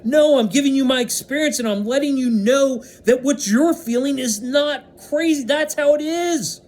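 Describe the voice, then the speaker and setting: A man vlogs an unscripted rant full of swearing, swinging between loud outbursts and hushed stretches. His voice is very high-pitched, and he speaks at a moderate pace.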